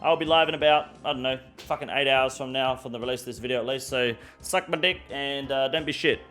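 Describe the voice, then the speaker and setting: A man's voice: medium pitch, a little fast, fairly bright tone, faint music behind. A man hosting a weekly gaming news show, ranting bluntly and crudely with plenty of swearing. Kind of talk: casual gaming news rant.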